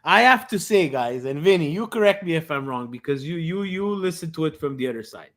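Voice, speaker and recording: A man co-hosting a casual football podcast, excitable and given to cheering. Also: on the high side, fairly quick. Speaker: podcast co-host. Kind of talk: casual sports talk.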